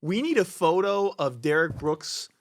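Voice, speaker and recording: High, lively man teasing on a podcast. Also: a little slow. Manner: playful, teasing interjections. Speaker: podcast host. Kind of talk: casual chat.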